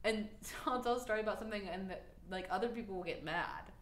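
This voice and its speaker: A woman's voice: mid-range voice, fast talker. A woman co-hosting a podcast in casual chat, laughing often and swearing casually, recorded in a library. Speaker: podcast co-host. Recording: echoey room with faint noise.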